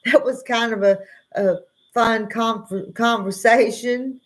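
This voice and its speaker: Slow and steady in tone, her slightly high voice carries a Southern US accent. She's hosting a livestream in the early morning, rambling easily through casual chat and welcoming viewers by name.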